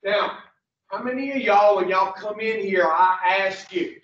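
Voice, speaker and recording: A man's voice: high voice, measured pace, fairly bright tone, a little hiss or hum. A man teaching a recovery program class in a blunt, profane, joking way, telling folksy stories. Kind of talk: folksy storytelling lesson. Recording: distant, roomy, muffled.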